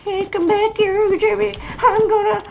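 A woman doing a shrill, clingy little grandson voice. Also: level tone, unhurried, vocal fry, darkish tone, a little hiss or hum, full character voice. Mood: pestering. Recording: keyboard clatter behind voice.

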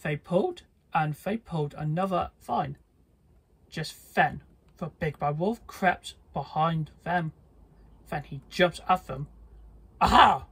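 Husky slow kids story reader, trips on words a bit. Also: medium pitch. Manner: slow, halting with small slips. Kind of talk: children's read-aloud.

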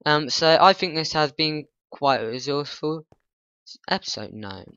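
A man's voice: a little high, expressive, moderate pace, bright, forceful tone, clear, resonant tone, no echo, dull audio. A man hosting a gaming channel in casual gameplay commentary, jumpy and panicky, talking back at the game's monsters.

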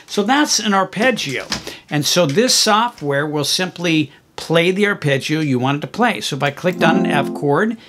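A man teaching music, walking through a software tutorial in a friendly, explanatory way with plenty of okays and ums. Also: on the high side, animated, moderate pace, a little hiss or hum. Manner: friendly, explanatory, fillers like okay and um. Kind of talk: screen-recorded software tutorial.

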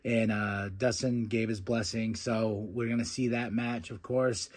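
A young man hosting a podcast, casually recapping a wrestling show, animated and laughing often as he acts out wrestlers' lines. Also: on the low side, unhurried. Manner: animated, quotes wrestlers in excited put-on voices, laughs often. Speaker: podcast host.

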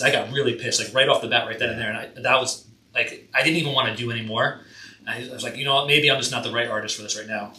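A man rattles through a work story in a casual chat, exasperated as he quotes himself and his client. His voice is very bright and sharp, and he talks fast. The room adds a noticeable echo. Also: mid-range voice, fairly even intonation. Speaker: tattoo artist, podcast guest.

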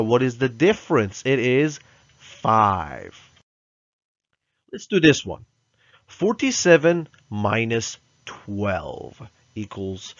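Male math teacher for young kids, slow and patient, very lively pitch, dull dry recording. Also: no room sound. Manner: slow, patient, coaxing with frequent "right?" checks; drills pronunciation, having children repeat words. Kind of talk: recorded classroom lesson for young children.

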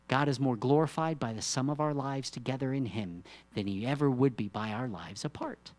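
A man preaching a sermon as pastor, with a conversational style. He swings between hushed, low asides and loud, emphatic peaks, and uses rhetorical questions and teasing asides. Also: normal speed, few pauses.

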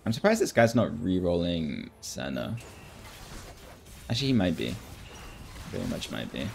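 A man with a deep, gravelly voice talks through his game as a streamer, musing aloud in an easygoing way. Faint music plays under his casual commentary. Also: moderate pace. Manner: thinking aloud, relaxed, mumbling asides. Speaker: streamer playing a strategy game.

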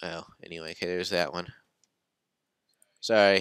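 A man's voice: on the low side, very animated, normal speed, background noise. A man co-hosting a let's play, joking and fumbling with settings in casual chat.

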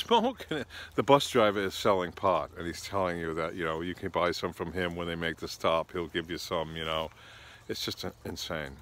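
Brief: casual, exasperated male storyteller, slightly low voice, loose and rambling. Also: a bit bright, a little hiss or hum.

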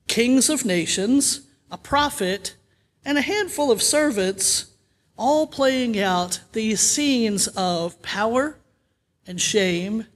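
A man preaching a sermon in a church, talking in a relaxed, conversational way with light humor. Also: high voice. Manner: conversational storytelling with gentle humor. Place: church sanctuary. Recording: long reverb of a church sanctuary.

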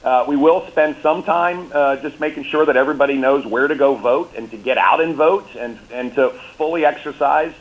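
A governor, interviewed by phone or remote on talk radio, speaks with a fairly high pitch at a normal speed and hardly pauses, though the audio is dull. He sounds confident and upbeat, repeating words as he restarts his talking points.

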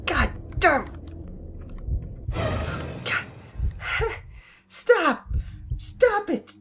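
A woman's voice: high-pitched, animated, drawn-out words, long pauses, over music. A woman playing a horror game and commenting on it, frustrated and swearing, often muttering to herself. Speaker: gaming video creator.

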